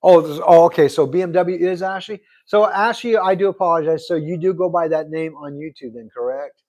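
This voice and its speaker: Middle-aged male host with a slightly high voice, friendly and chatty, reads out comments from a live chat. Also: a little fast, a little mellow. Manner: chatty, reads out viewer comments, thanks viewers a lot. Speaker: livestream host. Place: Arizona.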